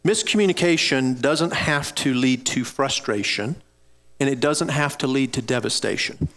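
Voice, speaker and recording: A man's voice: mid-range voice, normal speed, fairly bright tone. A middle-aged man preaching a sermon, telling a personal story in an earnest way and speaking directly to his congregation. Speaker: pastor.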